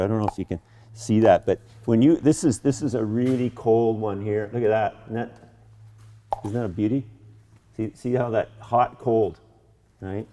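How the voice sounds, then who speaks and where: In his art studio, a middle-aged man demonstrates painting with a warm voice on the low side. As an instructor he's talkative and eager, often starting over and repeating words while he works.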